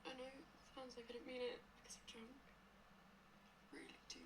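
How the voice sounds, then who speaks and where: A woman's voice: on the high side, little pitch movement, fairly quick, lightly acted. An actress as a drunk, whispery young woman. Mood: drunk loving. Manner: breathy, whispery, giggly. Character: tipsy affectionate young woman. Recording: distant noisy TV clip.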